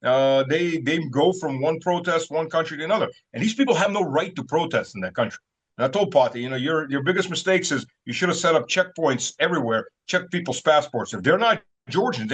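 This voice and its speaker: A man's voice: fairly high pitch, fairly bright tone, breathy edge. A man telling stories in a casual interview, rambling with many fillers and chuckling as he goes. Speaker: guest commentator. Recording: dull lo-fi sound.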